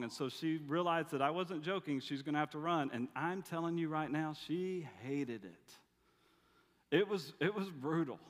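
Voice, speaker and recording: A middle-aged pastor preaches a sermon, sharing family stories with dry humor in a conversational manner. His voice is a little high and his pace measured, with the long reverb of a large hall around him.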